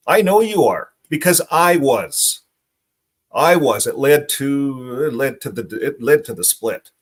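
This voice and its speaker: A middle-aged man talking bluntly in a casual monologue, often repeating himself for emphasis. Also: fairly low pitch. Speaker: host.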